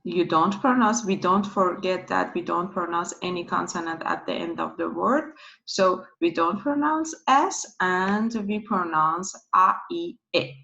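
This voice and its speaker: Slow, patient woman teaching a lesson. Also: on the low side, animated, vocal fry, sharp tone. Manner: patient, repeats each sound several times. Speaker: language teacher. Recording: dull lo-fi recording.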